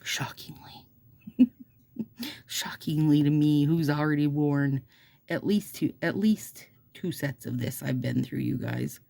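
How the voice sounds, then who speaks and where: A woman's voice: low-pitched, big pitch swings, unhurried, vocal fry, dark tone, dry recording. A middle-aged woman with a Minnesota accent who chats casually to her viewers while doing her nails. She rambles and makes self-deprecating asides, and now and then reads a passage aloud. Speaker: nail product vlogger.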